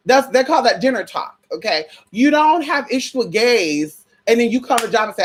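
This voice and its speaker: A woman's voice: a little high, expressive, fairly quick, hardly any pauses, a little hiss or hum. A young adult woman from the United States in a casual opinion rant, sassy and profane, calling listeners honey and girl. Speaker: spiritual vlogger.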